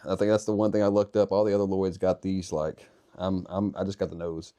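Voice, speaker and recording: Low, dark-voiced male podcast host. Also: level tone, brisk, smooth. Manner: rambling, earnest, thinks aloud. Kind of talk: conversational interview.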